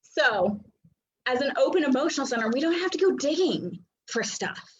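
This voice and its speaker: A woman's voice: high-pitched, lively intonation, normal speed, highs cut off. A woman in her thirties, chatty and full of fillers, teaching from her home office over a video call. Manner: chatty, filler-heavy, laughs often. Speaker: human design coach. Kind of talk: casual teaching talk.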